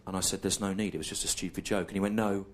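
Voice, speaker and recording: An English man in his forties doing stand-up storytelling in a slow, deadpan, repetitive way with long pauses, recorded live on a comedy club stage. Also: low voice, very noisy. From England. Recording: live show with loud audience laughter.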